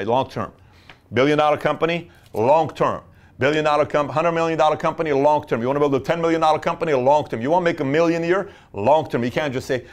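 Male entrepreneur, motivational talk, punchy, rhetorical, sarcastic asides. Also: medium pitch. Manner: emphatic, rhetorical questions, playful sarcasm. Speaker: entrepreneur giving business advice.

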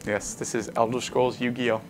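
A man hosting a livestream, casually commenting on his card game as he plays, animated and joking while he thinks aloud. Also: medium pitch, moderate pace, background noise. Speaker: host.

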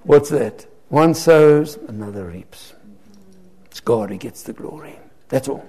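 Gravelly, husky older preacher man. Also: mid-range voice, lively intonation, unhurried, warm tone. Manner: anecdotal, acts out both sides of conversations. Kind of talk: sermon.

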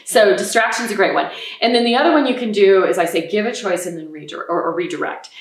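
A woman parenting expert giving calm, explanatory advice in an interview, acting out what parents might say. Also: mid-range voice, fast talker. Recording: roomy echo, mic at a distance.

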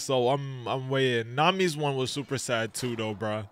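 A man hosting a reaction video, talking heartfelt and slang-heavy, swinging from quiet reflection to loud exclamations. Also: mid-range voice, unhurried, hardly any pauses, clear, resonant tone, faint music behind. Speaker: reaction channel host. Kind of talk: reacting to an anime.

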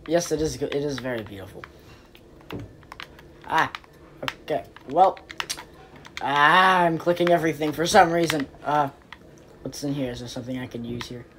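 A woman commentating casually on her game, rambling and playfully exasperated, breaking into quick pleading outbursts. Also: deep voice, a bit bright, a little hiss or hum. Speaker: game player.

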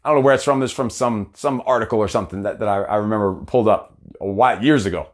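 A man's voice: on the low side, rapid-fire. A man giving a blunt, heavily cursing motivational talk as an accountability coach. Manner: blunt, heavy cursing, fired-up.

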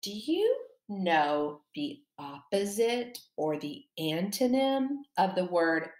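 A woman teaching a second-grade lesson, slowly and encouragingly, stressing words for young children. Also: lowish voice, echoey room. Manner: slow, animated, encouraging, exaggerated emphasis for children.

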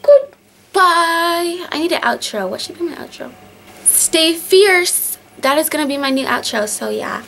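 Teen girl, Michigan accent, high voice, chatty, fed-up home vlogger. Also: fast, creaky, few pauses, fairly bright tone, a little hiss or hum. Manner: exasperated, chatty, lots of fillers and restarts. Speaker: vlogger on a group channel. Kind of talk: casual vlog rant. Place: at home, in winter.

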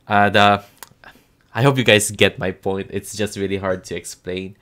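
Slow, low-voiced Filipino man, hesitant. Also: flat delivery, fairly bright tone, clean tone. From Philippines. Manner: hesitant, full of ums and restarts. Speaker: show reviewer. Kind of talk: casual spoken review.

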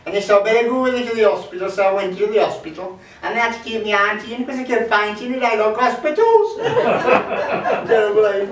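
A man's voice: high voice, lively intonation, normal speed, slight background noise. A man at a folk club telling rambling comic anecdotes, chatty and jokey with lots of fillers. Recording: echoey room, mic from far off.

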